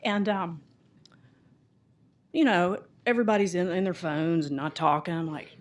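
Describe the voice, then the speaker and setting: A middle-aged Southern woman from Mississippi and Tennessee, speaking with a drawl in a fairly low voice at a normal pace with long pauses. As an audience member in a bookstore event room, she tells a chatty, rambling personal story, animatedly acting out the quotes.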